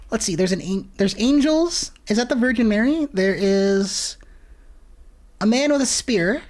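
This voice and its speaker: Woman streamer, swears constantly, exasperated rants, lively high delivery. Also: measured pace. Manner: profane, exasperated rants with sudden shouts. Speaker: streamer playing a horror game. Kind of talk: casual gameplay commentary.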